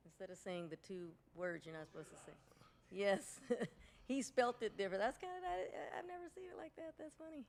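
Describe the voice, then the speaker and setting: Female co-host, gravelly voice, laid-back and amused. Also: medium pitch, animated, fairly quick. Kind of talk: casual podcast chat.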